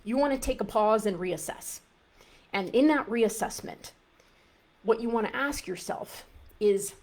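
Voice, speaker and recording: A woman's voice: mid-range voice, measured pace, a little mellow. A woman dietitian coaching a live group in a conversational way, often restarting phrases and acting out an inner voice.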